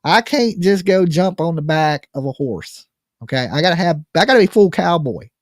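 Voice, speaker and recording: On a live call-in livestream, the host rambles casually and profanely, cracking self-mocking jokes and saying "okay" again and again. His voice sits on the high side, animated and at normal speed, captured in studio quality with no room sound.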